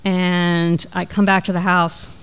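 Smooth-voiced woman reading a memoir. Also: fairly low pitch, level tone. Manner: measured, reflective storytelling. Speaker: narrator.

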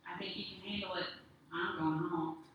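A narrator voicing a weary, quiet woman. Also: medium pitch, steady tone, moderate pace, dull audio, lightly acted. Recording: echoey room, distant mic, faint noise.

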